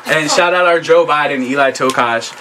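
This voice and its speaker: A man's voice: fairly high pitch, sing-song, normal speed, very noisy. A young man hosting a student podcast, chatting in a playful, rambling and jokey way. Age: young adult. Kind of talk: casual chat.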